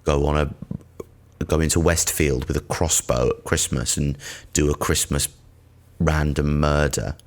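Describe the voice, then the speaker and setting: A man's voice: rumbling low, fairly even intonation, a little slow. A man from Britain hosting a comedy podcast, rambling through a sardonic, sweary monologue.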